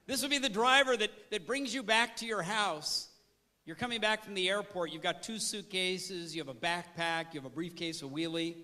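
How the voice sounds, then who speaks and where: A man giving an energetic, interactive training talk on service, often putting questions to his audience. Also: high voice, moderate pace.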